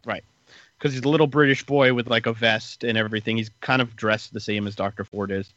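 A man talks through a plot recap in a loose, rambling way, full of "uh" and "like". His voice is bright and sits in a dry, close space. The sound is a little dull and lo-fi. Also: lowish voice, a little fast, dry recording. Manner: relaxed, rambling retelling with many fillers. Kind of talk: casual podcast recap chat.

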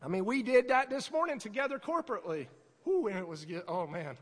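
A woman preaching a sermon in a conversational way, breaking into sudden shouted bursts. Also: medium pitch, expressive, brisk. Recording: echoey hall.

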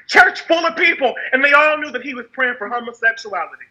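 A woman's voice: high voice, lively intonation, fairly quick, bright, forceful tone, highs cut off. A woman from the United States giving a raw, impassioned personal testimony, repeating phrases for emphasis. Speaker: speaker sharing her story.

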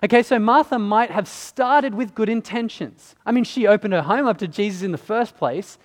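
A man's voice: sits high, moderate pace, big-room sound. A man preaching a sermon in a conversational way, often turning to ask the listeners questions.

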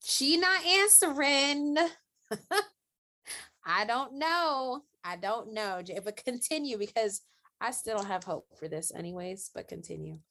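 Expressive woman reacting in casual chat. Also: on the high side, slow. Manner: expressive, reacts with gasps and laughs. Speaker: podcast co-host.

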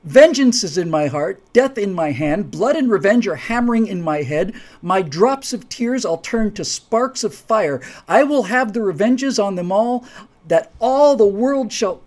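A man reading the part of a vengeful brother, delivering loud, thundering Shakespearean verse. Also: high-pitched, voice pushed up.

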